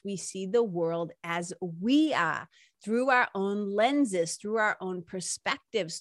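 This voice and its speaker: A woman hosting a casual spiritual talk, chatty and animated, peppering her speech with "like" and "right?". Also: mid-range voice, dry recording, studio quality.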